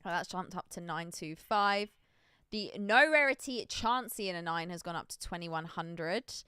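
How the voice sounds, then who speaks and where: A woman's voice: on the low side, animated, moderate pace, sharp tone, smooth, dry recording. A woman hosting a casual livestream, laughing often and reading out auction prices. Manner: giggly, playful, reads out prices. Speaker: host.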